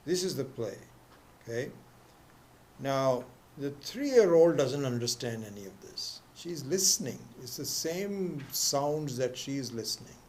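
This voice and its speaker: A male teacher giving a scripture class in a steady mid-range voice. He tells stories with halting restarts and slips into different voices for the people in them. Faint noise sits under his speech. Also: mid-range voice. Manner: storytelling, acts out quoted voices. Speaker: spiritual teacher.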